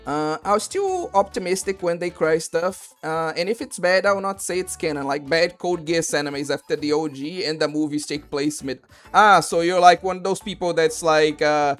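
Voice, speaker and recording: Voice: mid-range voice, moderate pace, soft background music. A game streamer chatting casually with viewers while playing, rambling with lots of fillers and restarts and joking loosely with the chat.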